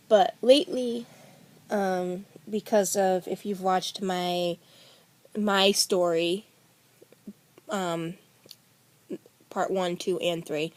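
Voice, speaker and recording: A woman's voice: fairly low pitch, darkish tone, no echo. A middle-aged woman vlogger telling a family story in a rambling, casual way, with many fillers and restarts.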